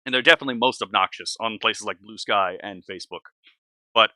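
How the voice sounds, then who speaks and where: A man's voice: on the low side, a little fast, bright, forceful tone, dry recording. A man hosting a reaction video, talking casually in a rambling, blunt, opinionated way with many fillers.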